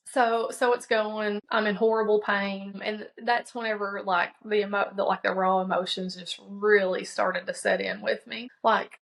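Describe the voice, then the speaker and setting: Woman telling a story in a flat voice. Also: mid-range voice, moderate pace, creaky, few pauses, low-quality recording. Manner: conversational, many fillers and restarts; quotes herself and others in dialogue. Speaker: podcast guest. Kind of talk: personal storytelling.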